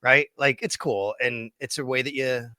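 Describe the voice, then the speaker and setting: A man's voice: medium pitch, fairly even intonation, moderate pace, sharp tone, no room sound, clean studio sound. A man co-hosting a sports podcast, chatting casually and enthusiastically affirming his partner. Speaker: podcast co-host.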